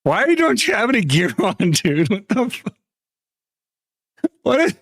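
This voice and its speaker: Animated, mocking male gaming streamer. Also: high voice, a little slow, no room sound, studio quality. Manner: crude, mocking, laughing often. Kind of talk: live gameplay commentary.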